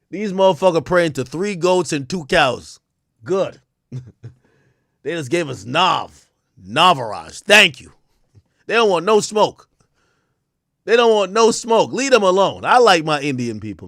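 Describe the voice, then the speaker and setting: Lively, profane male livestream host. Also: on the high side, dry recording, studio quality. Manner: loose, profane, animated riffing with sudden loud outbursts. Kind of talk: casual livestream commentary.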